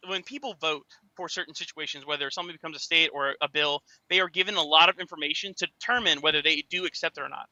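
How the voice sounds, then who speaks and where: A man on a dull, lo-fi call, talking fast in a high, bright voice. He stammers and hedges, circling around his answers. The sound is dry. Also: dry recording. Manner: hesitant, stammering, evasive. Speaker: caller in a debate. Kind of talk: hesitant live debate.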